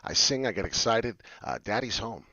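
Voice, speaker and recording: A man hosting a crypto show, excitable and rambling, jumping from loud hype to low mutters with many fillers. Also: moderate pace, vocal fry, no echo, highs cut off. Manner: hyped and loud, swings between shouting and muttering. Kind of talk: excited solo crypto talk.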